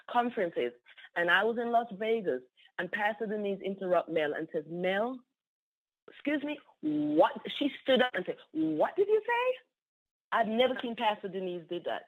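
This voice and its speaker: An exuberant woman tells her success story on a conference call. She talks in bursts, repeats herself often and laughs easily. The sound is thin and tinny, like a phone line. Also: medium pitch. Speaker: team member sharing a testimonial. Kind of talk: excited phone testimonial.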